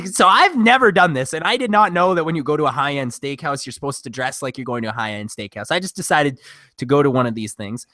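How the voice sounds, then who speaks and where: High-pitched guy on a podcast, rambling excited story, swears a lot, dead dry sound. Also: fast, no echo. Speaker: podcast co-host. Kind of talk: casual chat.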